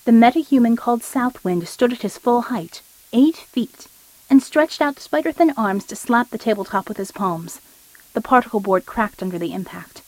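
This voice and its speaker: A woman reading an audiobook story in a steady, measured narration. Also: fairly high pitch, dry recording, poor audio.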